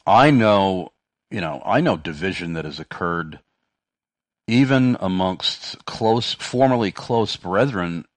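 Deep-voiced man hosting Christian talk radio, hesitant and halting, dry studio sound. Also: lively intonation, dry recording. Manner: hesitant, many fillers and restarts. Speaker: radio show host. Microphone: studio microphone.

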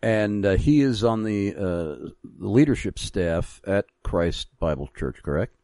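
A man hosting a Christian talk program, speaking in a measured, halting way with frequent pauses. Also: on the low side, animated, dark tone, no room sound. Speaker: radio show host.

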